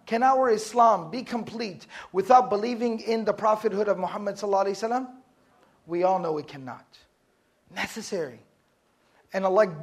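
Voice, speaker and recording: A man with a very high-pitched voice gives a classroom lecture on Arabic terms. He teaches methodically, quizzing his students and then answering the questions himself. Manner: explains Arabic terms step by step. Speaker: Islamic studies teacher.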